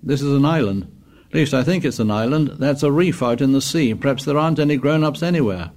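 A man's voice: mid-range voice, quick pace, darkish tone, voice pushed up, close to an everyday voice. A man voicing a fair-haired schoolboy who speaks in a casual, offhand way.

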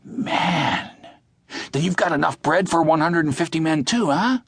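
A man voicing a greedy, excitable young soldier in an audiobook, in a high, squeaky voice. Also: unhurried, husky, no echo, full character voice. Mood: gleeful. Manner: gleeful, eager. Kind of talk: audiobook character voice.

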